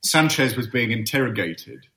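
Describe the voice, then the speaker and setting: A British man speaking as a podcast guest in casual chat, measured and wry. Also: medium pitch, expressive, sharp tone.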